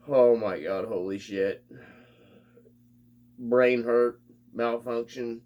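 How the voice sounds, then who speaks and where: A man's voice: medium pitch, sing-song, takes it slowly, long pauses, a little mellow. A man hosting his own hobby vlog, ranting in an exasperated, casual way and swearing freely. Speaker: RC hobby channel host.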